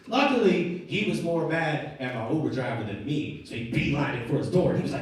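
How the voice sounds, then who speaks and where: A man's voice: on the high side, animated, fairly quick, few pauses. A man doing a stand-up set, telling a story and acting out the people in it. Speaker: stand-up comedian. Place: comedy club stage. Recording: echoey club, mic at a distance, loud crowd. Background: audience laughter.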